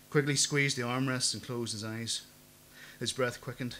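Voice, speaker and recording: A man narrating an audiobook in a measured, even storytelling manner. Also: mid-range voice, slight background noise.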